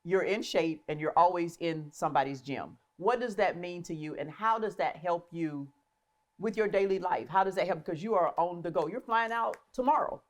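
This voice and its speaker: Animated middle-aged woman telling a story. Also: fairly low pitch, moderate pace. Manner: animated storyteller, acts out quotes. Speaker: host. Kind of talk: casual interview chat.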